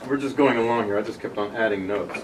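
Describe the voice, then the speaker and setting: A man's voice: on the low side, fast talker. A man patiently walking a small group through a demonstration step by step, in casual explanatory talk. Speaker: presenter demonstrating tuning software. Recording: distant room mic with background noise.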